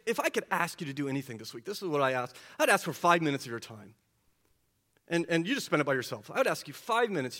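A man preaches a sermon with a bright, forceful edge in his voice, pitched a little above the usual man's. He fires off rhetorical questions and climbs to loud peaks, then drops low and quiet. He often restarts with repeated words. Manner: repeats words when starting, quick asides. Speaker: pastor.

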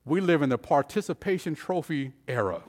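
Preaching emphatically, this male pastor asks rhetorical question after rhetorical question, his volume moving from loud to hushed. His pitch is fairly high, his intonation lively, and his pace a little fast.

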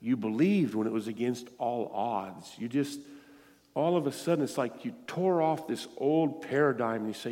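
A man's voice: medium pitch, normal speed, dark tone. Earnest preacher man in reverberant church. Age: middle-aged. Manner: earnest, pleading, storytelling. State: tearful. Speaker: guest preacher. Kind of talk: emotional sermon. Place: church sanctuary.

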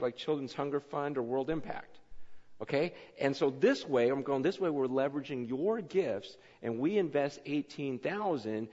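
A man preaching a sermon, telling stories in an excitable way with many fillers and restarts. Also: medium pitch. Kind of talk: sermon storytelling. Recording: echoey hall, dull lo-fi sound.

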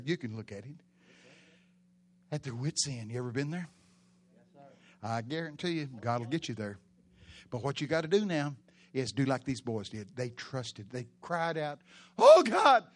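A pastor preaching a sermon in a church, telling stories with animated, loud bursts. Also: male voice, medium pitch.

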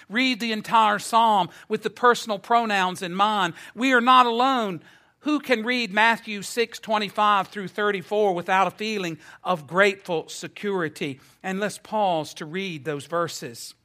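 A male preacher delivers an earnest, emphatic sermon, stretching out the key phrases. His voice sits high and sounds bright and forceful. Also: unhurried.

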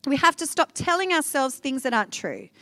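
A woman giving an animated, conversational devotional talk, speaking directly to her listeners. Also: sits high, a little fast, no echo.

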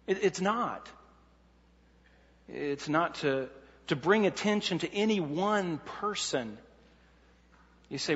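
A man's voice: on the high side, expressive, slow, pauses often, a bit bright, in a large hall, muffled recording. A man preaching a sermon in an earnest way, laying out numbered points and often restarting his sentences.

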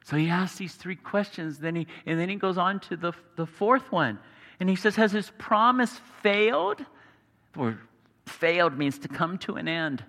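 A man preaching a sermon earnestly, sometimes dropping to a hushed tone. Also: high-pitched, big-room sound. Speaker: pastor.

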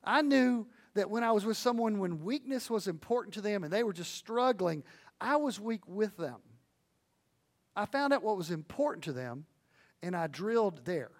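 A man preaching a sermon, earnest and animated, swinging between hushed and loud, with folksy storytelling and asides to the audience. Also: sits high, moderate pace. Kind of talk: sermon on evangelism.

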